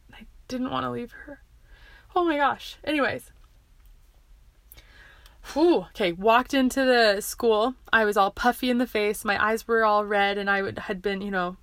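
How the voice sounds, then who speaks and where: A woman tells a personal story in a loose, chatty way, circling back and correcting herself as she goes. Her voice sits at an ordinary middle pitch. The sound is close and dry, with no room echo. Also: pushed and bright. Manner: rambling, full of likes and restarts.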